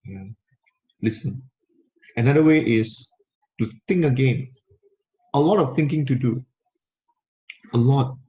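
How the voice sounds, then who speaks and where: Guy doing a slow motivational talk to camera, repeats himself a lot, kinda dull lo-fi sound. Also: medium pitch, dark tone. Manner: repetitive, emphatic, coaching. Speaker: motivational speaker. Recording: slightly muffled lo-fi recording.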